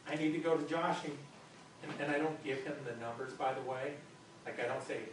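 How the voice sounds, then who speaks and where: A man preaches a sermon in a casual, talky way, tripping over and repeating his words as he goes. His voice sits a little high and comes from some distance off. The hall around him rings with heavy echo over a faint hiss. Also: steady tone, fairly quick. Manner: conversational, stammering restarts and repeated words. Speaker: pastor. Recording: very echoey hall, distant mic, faint noise.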